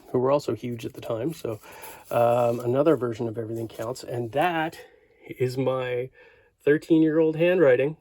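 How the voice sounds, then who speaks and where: A man's voice: medium pitch, dark tone, dry recording. A man in his fifties from Canada, flipping through his record collection in a rambling, enthusiastic casual vlog full of fillers.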